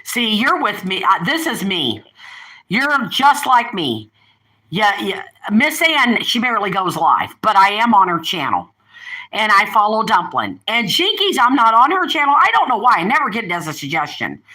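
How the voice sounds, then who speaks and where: A woman's voice: mid-range voice, big pitch swings, normal speed, pushed and bright, low-quality recording. An older woman hosting a casual live stream, rambling and chatty, often breaking off to talk to her pets and family. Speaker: livestream host.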